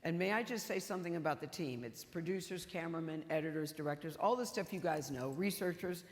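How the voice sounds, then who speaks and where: A woman's voice: fairly low pitch, fast. Older woman giving an emotional award speech. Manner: emotional, chatty storytelling with humor. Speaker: award honoree. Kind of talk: acceptance speech. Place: stage in a large auditorium. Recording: reverberant hall with live audience.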